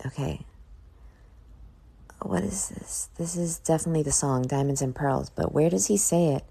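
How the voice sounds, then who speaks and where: A woman hosting her own podcast, just woken up and yawning, talking in a slow, reflective drawl with casual swearing. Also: low voice, vocal fry, mellow, slightly rough. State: sleepy, yawning. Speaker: podcast host. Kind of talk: casual solo podcast talk.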